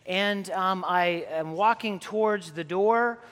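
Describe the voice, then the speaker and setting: A man's voice: high voice, takes it slowly, fairly bright tone. A man preaching a sermon as a priest, telling stories in a conversational way. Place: church sanctuary. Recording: long church reverb.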